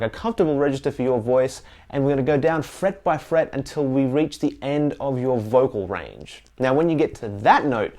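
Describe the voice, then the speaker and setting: A man teaching bass in an easygoing, chatty way, singing notes to show how they sound. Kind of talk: instructional music lesson. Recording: loud bass guitar playing behind the voice. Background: bass guitar.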